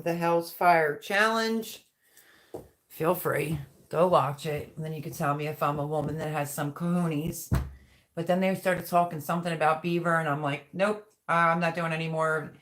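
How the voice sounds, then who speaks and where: A woman's voice: low-pitched, fairly even intonation, measured pace, a bit bright. A woman hosting a casual live stream, greeting viewers by name and chatting while she reads their comments. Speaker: livestream host.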